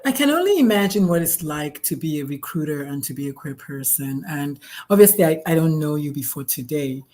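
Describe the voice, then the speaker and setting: A woman hosting an interview, talking excitedly with many restarts and acted-out quotes. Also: low voice, brisk. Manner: excitable, animated, lots of restarts and quoted voices. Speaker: host. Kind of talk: casual chat.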